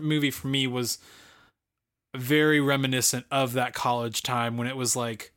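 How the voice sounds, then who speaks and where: On a podcast, a co-host in his late twenties talks casually about a movie, going off on enthusiastic tangents and using lots of fillers. His voice is medium in pitch with a fairly bright tone.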